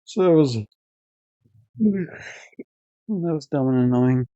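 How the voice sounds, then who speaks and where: A man's voice: a little high, lively intonation, slow, mellow, no room sound. A young man streaming live, rambling casually through game ratings with lots of fillers, swearing and self-corrections. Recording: dull lo-fi dry stream audio.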